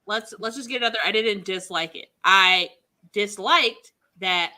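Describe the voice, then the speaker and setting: A woman's voice: medium pitch, a little slow, bright, forceful tone. A woman co-hosting a casual podcast, ranting dramatically and animatedly. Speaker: podcast co-host. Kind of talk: casual chat.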